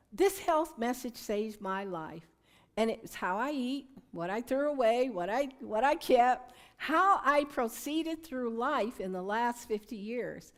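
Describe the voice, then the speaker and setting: An older woman giving an informal church talk on home remedies, telling animated stories with emphatic repeats. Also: on the high side. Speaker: health presenter at church. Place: church hall.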